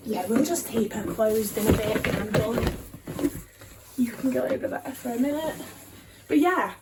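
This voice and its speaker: A woman's voice: on the high side, normal speed. A young woman talking casually to her viewers while she packs, rambling, swearing and anxious, often trailing off and restarting. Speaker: vlogger. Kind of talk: casual body-doubling chat while packing. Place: home room, packing boxes. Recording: distant mic with faint noise.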